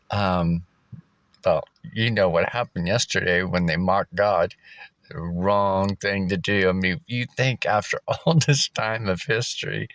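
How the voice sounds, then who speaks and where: A man's voice: low voice, fairly bright tone, no room sound. A man vlogging from a park, talking in a loose, rambling way with fillers and chuckles. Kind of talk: casual rambling vlog. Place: outdoors at a park.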